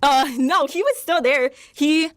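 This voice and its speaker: A woman's voice: sits high, unhurried, fairly bright tone, no echo, clean studio sound. A young woman from Panama, a podcast guest, telling her personal testimony in a rambling way, leaning on "like" and quoting herself. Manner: rambling, heavy use of "like", self-quoting.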